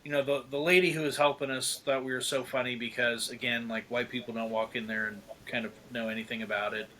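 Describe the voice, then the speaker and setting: A middle-aged man chatting on a podcast, telling animated stories, laughing often and acting out what people said. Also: medium pitch, fast talker, slight background noise. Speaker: podcast guest. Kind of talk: casual storytelling chat.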